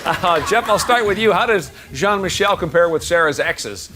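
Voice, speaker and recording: High-voiced joking TV dating show host. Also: male voice, expressive, a loud crowd. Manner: joking, brisk questioning. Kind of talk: television dating show hosting. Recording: loud studio audience and noise.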